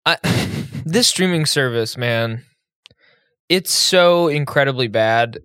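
A man's voice: medium pitch, lively intonation, takes it slowly, a bit bright, clean tone, no echo, clean studio sound. A man co-hosting a podcast in casual chat, laid-back and joking. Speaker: podcast co-host.

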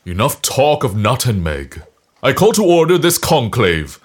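A man's voice: mid-range voice, very animated, a little slow, slightly rough. A man playing a pompous Victorian sea captain. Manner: grandiose, theatrical proclamations. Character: pompous Victorian male sailor-scientist leader.

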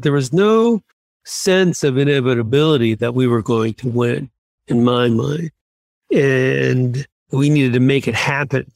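Older man, gravelly voice, dry close sound, animated interview anecdotes, from Massachusetts. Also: mid-range voice, no room sound. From Massachusetts, USA. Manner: animated, self-deprecating anecdotes. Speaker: podcast guest, former submarine commander. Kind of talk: conversational interview storytelling.

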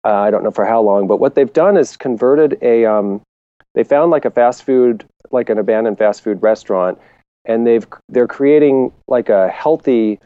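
A man's voice: mid-range voice, normal speed, dry recording, phone-quality sound. A man co-hosting a casual marketing podcast, rambling with restarts and laughter. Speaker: podcast co-host. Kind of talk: casual chat.

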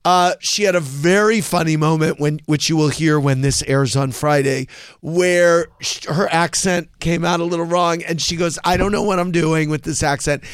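A man's voice: on the high side, steady tone, moderate pace, clear, resonant tone, no room sound. A man hosting a podcast, chatting in a gossipy, enthusiastic way. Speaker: podcast host. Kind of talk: casual chat.

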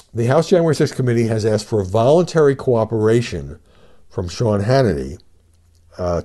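A man's voice: low voice, mellow. An older man hosting a solo podcast, giving conversational commentary with fillers and emphatic rhetorical questions. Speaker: podcast host and media commentator.

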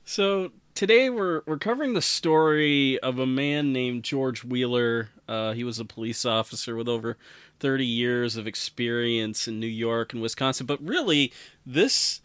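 A relaxed male podcast host tells a story in a casual, halting way and chuckles between thoughts. His pitch sits in the middle range. The mic is close and dry. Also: smooth, no room sound.

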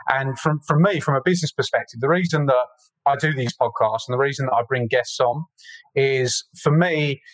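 A man's voice: mid-range voice, brisk, dry recording, poor audio. A man hosting a podcast interview in a chatty, encouraging way with many fillers. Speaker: podcast host.

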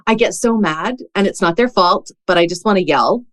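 A woman's voice: fairly low pitch, normal speed, fairly bright tone. A woman hosting a podcast interview, telling a story in a chatty way full of "like" fillers. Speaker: podcast host. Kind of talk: casual conversational interview.

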